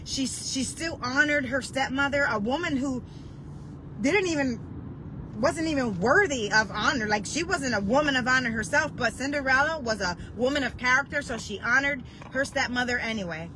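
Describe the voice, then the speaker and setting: A woman preaching with deep emotion, telling a story that builds toward heartfelt cries. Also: normal speed, noisy background. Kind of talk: impassioned devotional preaching.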